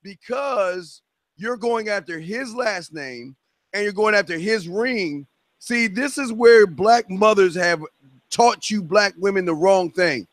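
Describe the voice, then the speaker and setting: Preachy high-voiced male podcast host. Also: animated, fairly bright tone, no room sound. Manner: preachy, lecturing, drawn-out emphatic words. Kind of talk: opinionated podcast lecture.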